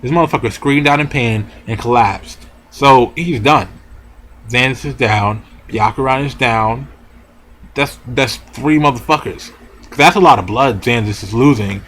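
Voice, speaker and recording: A young man casually reviewing a manga chapter, talking in an excited, profane, rambling way. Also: mid-range voice, measured pace.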